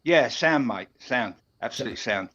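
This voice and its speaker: A man's voice: mid-range voice, expressive, normal speed, sharp tone, slightly rough, highs cut off. A middle-aged man from East London with a Cockney accent, rambling with many restarts as a caller on a stream. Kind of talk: casual chat.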